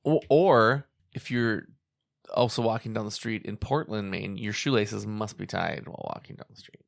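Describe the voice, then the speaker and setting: A man's voice: lowish voice, moderate pace, creaky, no echo, clean studio sound. A man co-hosting a casual podcast, joking as he reads out odd laws. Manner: jokey, reading out odd laws. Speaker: podcast co-host. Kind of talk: casual group chat.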